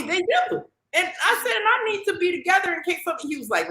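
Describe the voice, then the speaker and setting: A woman, a guest on a talk show, telling a story in a casual, animated way and acting out the dialogue. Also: very high-pitched, fast talker, echoey room, rough recording. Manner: animated, acts out quoted dialogue.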